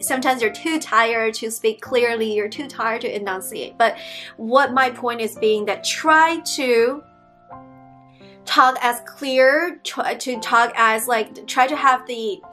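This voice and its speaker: A young woman talking straight to camera in a chatty, earnest way, filling her sentences with "like." English is her second language, and her voice sits a little high. Soft music plays faintly underneath. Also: slow. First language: not English. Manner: earnest, chatty, frequent "like" fillers. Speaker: vlogger giving language-learning tips. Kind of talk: casual talk to camera.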